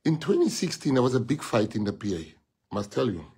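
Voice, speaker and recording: A South African man delivers a rally-style speech to party members. He tells the story emphatically, repeating words and acting out the dialogue. His voice sits at an ordinary pitch with a husky, grainy tone. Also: very animated, brisk, darkish tone. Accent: South African English. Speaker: party leader addressing members.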